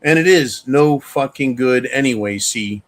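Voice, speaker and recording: A man's voice: mid-range voice, a little slow. A man hosting a show, delivering an angry, profane monologue rant. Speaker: show host. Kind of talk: opinion monologue.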